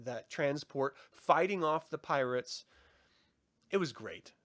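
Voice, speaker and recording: Young man, casual show review, excitable and profane, slightly high voice. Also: slow pace. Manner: excited, swears often, acts out scenes in quoted voices. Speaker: podcast co-host.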